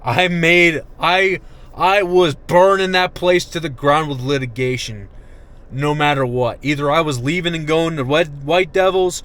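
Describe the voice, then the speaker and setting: A young man and army veteran venting in an angry, profane monologue that swings from shouting to muttering. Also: a little high, unhurried.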